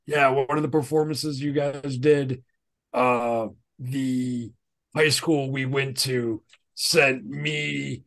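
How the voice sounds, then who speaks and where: A man's voice: medium pitch, fairly even intonation, takes it slowly, fairly bright tone. A man co-hosting a podcast, chatting casually and telling profane, rambling stories. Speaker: podcast co-host. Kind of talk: casual chat.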